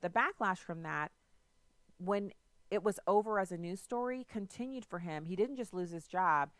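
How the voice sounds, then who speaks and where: Low, smooth-voiced talk radio hostess. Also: female voice, normal speed, no room sound. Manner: conversational, retells stories with asides. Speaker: radio talk show host. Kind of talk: political talk radio commentary.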